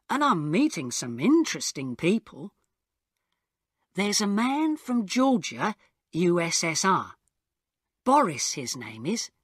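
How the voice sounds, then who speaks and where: A woman narrating a first-person story slowly and clearly for English learners. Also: fairly low pitch, dry recording, studio quality.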